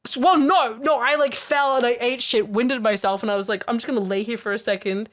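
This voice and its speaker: A woman's voice: fairly high pitch, fairly quick. Rambling woman telling stories. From Australia. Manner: rambling, self-mocking storytelling with swearing and laughs. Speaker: podcast co-host. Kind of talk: casual chat.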